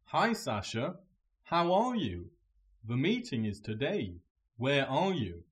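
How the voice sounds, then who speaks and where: Man reading an urging colleague, textbook dialogue, lively pitch. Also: slow pace. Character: adult man named Wentworth, a hurrying colleague.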